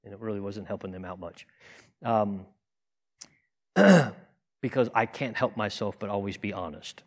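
A man's voice: lowish voice, normal speed. A man giving a conversational sermon, earnest and plain-spoken, asking rhetorical questions and often restarting his sentences. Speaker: teacher in a congregation.

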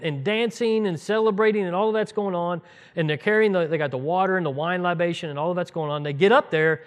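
A man preaching a conversational sermon, retelling Bible scenes in an animated way and acting out the voices in them. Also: high voice. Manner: animated, acts out quoted voices, chuckles, restarts sentences. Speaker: preacher teaching the congregation.

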